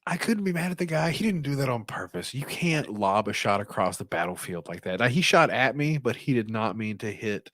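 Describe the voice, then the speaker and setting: A man co-hosting a podcast, telling a crude story in a loose, animated way and swearing a lot. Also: mid-range voice, fairly quick, few pauses, no echo. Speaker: podcast co-host. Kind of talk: casual storytelling chat.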